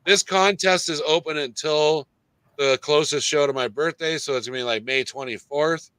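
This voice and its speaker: A man's voice: on the high side, moderate pace, a bit bright, clean tone, dry recording, poor audio. A man hosting a casual panel podcast, loose and joking with plenty of fillers. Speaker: podcast host.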